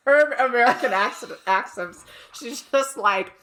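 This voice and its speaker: A woman's voice: fairly high pitch, a little slow, fairly bright tone. A woman co-hosting a podcast, chatting casually and retelling a show, laughing often. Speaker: podcast co-host. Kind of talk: casual chat.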